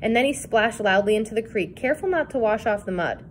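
Woman narrator, read-aloud kids' book, expressive. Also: fairly high pitch, fast talker, slight background noise. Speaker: reader.

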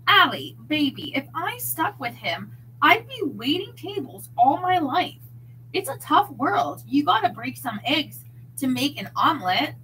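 A woman's voice: sits high, big pitch swings, a little slow, sharp tone, a little hiss or hum, exaggerated voice, low-quality recording. A woman reading the part of a smug, ambitious male stand-up comic who sneers at the people around him. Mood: dismissive.

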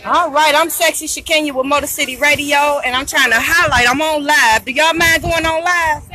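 A loud, chatty woman hosts a live radio stream from a busy outdoor street event. Her voice sits high and bright, and it comes through a phone she holds in her hand as she greets vendors. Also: fairly even intonation, moderate pace. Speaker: internet radio host.

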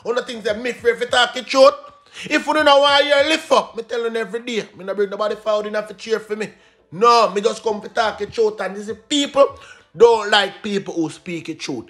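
A Jamaican man hosting online news, reading reports and breaking into lively patois commentary. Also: high voice, fairly quick. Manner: animated, switches between read news and banter.

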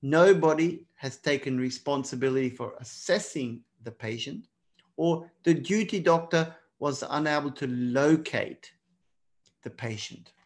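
His voice is fairly high and unhurried. He's a non-British man leading a live online exam prep class in a relaxed, chatty manner, frequently calling out to everyone present.

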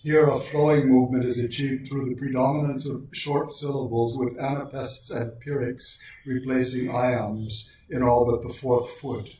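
A man giving a precise, measured lecture on poetic meter and slowing down to recite lines of verse. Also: medium pitch, flat delivery, dark tone, a little hiss or hum. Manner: precise, deliberate delivery, slows for quoted lines. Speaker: lecturer on poetry. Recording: very echoey room, voice far from mic.

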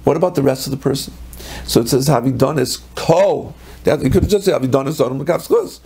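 Gravelly-voiced rabbi telling a story. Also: male voice, mid-range voice, fairly quick. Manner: lively storyteller who mixes in Hebrew and Yiddish terms. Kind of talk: Torah lecture with storytelling.

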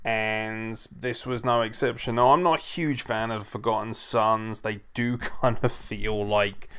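A man's voice: lowish voice, steady tone, a little slow, fairly bright tone, clear, resonant tone. A man hosting a wrestling podcast who reviews the show bluntly, swears often and sounds sarcastic and exasperated. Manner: blunt, profane ranting critic.

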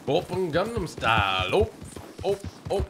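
A man's voice: high voice, big pitch swings, unhurried, background noise. A man giving casual gameplay commentary, chatting and thinking aloud as he plays. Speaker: gaming YouTuber. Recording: game music playing loudly underneath. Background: game music and horse sounds.

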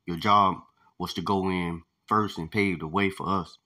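A man's voice: deep voice, steady tone, a little slow, pushed and bright. A man reading as a paranoid male cell leader. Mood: stern.

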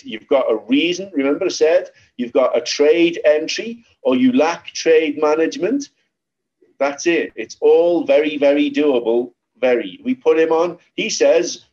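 A man from Liverpool, England, hosts a trading webinar, explaining charts in a chatty, repetitive way with lively storytelling. His voice is fairly high at normal speed, and the webinar audio is slightly dull and lo-fi.

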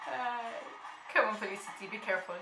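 A woman's voice: a little high, a little fast. A woman hosting a reaction video, chatting casually, laughing often and swearing freely. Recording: echoey room with show audio playing. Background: TV episode audio and music.

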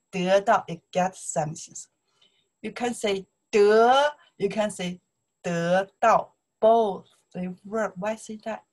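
Breathy, slow-speaking woman teaching Chinese. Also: mid-range voice, low-quality recording. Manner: repetitive, drilling pronunciation and checking with "okay? right?". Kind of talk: online language lesson.

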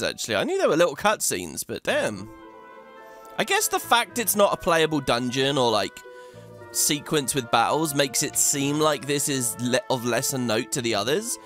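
Chatty guy doing game commentary, voice jumps all over, laughs a lot, little music in the back. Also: a little high. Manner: chatty, animated, laughs often, thinks aloud. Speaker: let's play host.

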